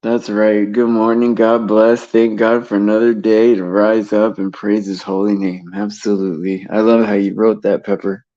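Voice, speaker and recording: A man hosting a casual Christian livestream, talking haltingly with many fillers and repeated words, and leading a prayer. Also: on the low side, flat delivery, warm tone, dry recording. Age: adult father of a son over eight. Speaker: livestream host. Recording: dull lo-fi stream mic.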